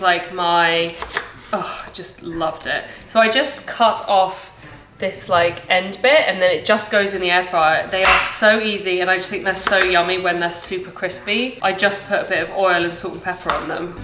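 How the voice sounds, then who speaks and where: A woman in her thirties, a mum chatting casually with many "like"s and giggles while cooking family dinner at home. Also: mid-range voice. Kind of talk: casual cooking vlog chat. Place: home kitchen. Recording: echoey kitchen with background noise.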